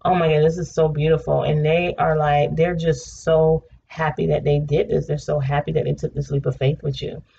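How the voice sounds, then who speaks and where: A woman giving a casual tarot reading, chatty and blunt, swearing freely and breaking into excited laughter. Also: low-pitched, moderate pace, gravelly, few pauses. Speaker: tarot reader. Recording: slightly dull home recording with faint noise.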